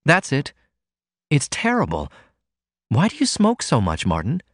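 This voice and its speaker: A man reading an audiobook, voicing a refined young woman who gently scolds in a prim, coaxing manner. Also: mid-range voice, wildly swooping pitch, a little slow, no echo, clean studio sound, pitched above the performer's own voice. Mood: reproving. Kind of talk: audiobook character voice.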